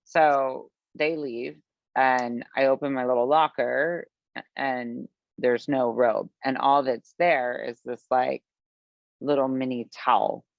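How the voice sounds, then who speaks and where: A woman from the Midwest, a podcast guest telling a long story in a chatty, animated way, full of fillers and acted-out quotes. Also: a bass voice, takes it slowly, vocal fry, dry recording. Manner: animated, chatty, filler-heavy, acts out her own past lines. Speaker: podcast guest, business founder. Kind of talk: storytelling in conversation. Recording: dull, lo-fi, dry sound.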